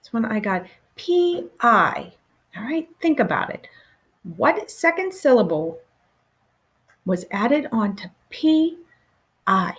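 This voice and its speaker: Slow, lively-voiced woman teaching children. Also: a little high. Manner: patient, encouraging, pauses for answers. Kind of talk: recorded phonics lesson for children.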